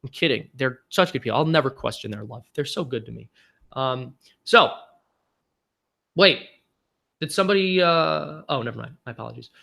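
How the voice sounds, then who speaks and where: A man's voice: mid-range voice, animated, moderate pace, gravelly, pauses often, sharp tone. A man hosting a casual live stream, talking in a long-winded, rambling, self-deprecating way.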